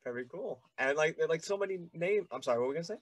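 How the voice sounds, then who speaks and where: A man hosts a casual interview over a video call, gushing like an eager fan. His voice sits a bit high and sounds dry. He rambles through his questions with lots of fillers. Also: expressive, rapid-fire, no echo. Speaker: podcast host.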